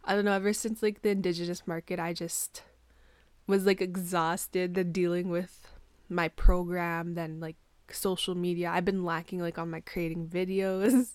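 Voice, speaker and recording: A woman's voice: lowish voice, little pitch movement, normal speed, a little mellow, smooth, no room sound. A woman hosting her own podcast from a small bedroom into a plugged-in mic, chatting casually and rambling with lots of "like", her morning voice a little groggy and congested. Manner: chatty, rambling, heavy use of "like". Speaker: podcast host. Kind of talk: casual solo podcast chat.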